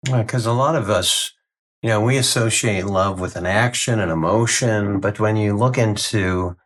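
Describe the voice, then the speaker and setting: A man speaking as an interview guest, giving earnest testimony in a halting way with frequent restarts. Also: fairly low pitch, a bit bright, slight background noise. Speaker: guest sharing a near-death experience.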